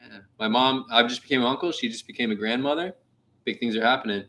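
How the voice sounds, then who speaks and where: A young man co-hosting a travel channel livestream, chatting and telling stories in a relaxed, casual way. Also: mid-range voice, quick pace, a little hiss or hum.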